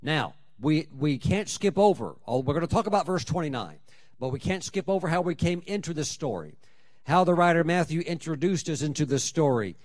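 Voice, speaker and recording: A man preaching a sermon, emphatic, with dramatic swings in loudness and pitch. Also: very animated, fairly quick. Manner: acts out prayers and scripture in quoted voices.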